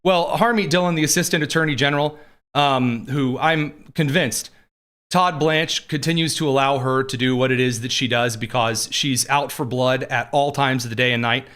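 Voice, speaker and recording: A man's voice: mid-range voice, steady tone, normal speed, fairly bright tone. A man hosting a live political commentary show, talking in a sarcastic, mocking way.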